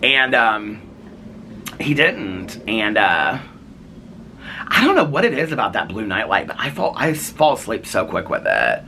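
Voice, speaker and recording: A man in his forties rambles casually to a camera on a tripod at home, with a lively, swooping pitch. His voice is bright and fairly low. A faint hiss sits under the recording. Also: unhurried. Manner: rambling, chatty, frequent fillers and laughs. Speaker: vlogger. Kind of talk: casual vlog chat.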